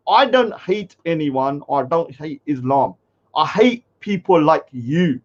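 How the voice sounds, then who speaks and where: Blunt indignant man, commentary host, fairly high voice, dull lo-fi recording. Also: animated, measured pace. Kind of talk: reacting to online comments.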